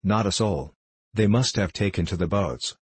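A man's voice: low voice, normal speed, husky, no echo. A male narrator voicing a hearty ship's officer in an audiobook. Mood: urgent. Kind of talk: audiobook character voice.

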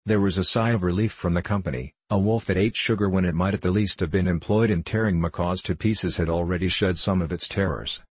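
A man narrating a story in a measured, even way. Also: low-pitched, husky, no room sound. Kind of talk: scripted audiobook narration.

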